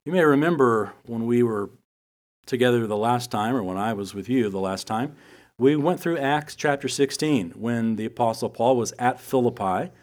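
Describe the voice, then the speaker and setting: A man's voice: medium pitch, normal speed. A middle-aged man delivers a Bible teaching in an easy, conversational manner. He mixes scripture with personal anecdotes and light humor, his voice sitting in an ordinary middle range. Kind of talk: sermon with personal stories.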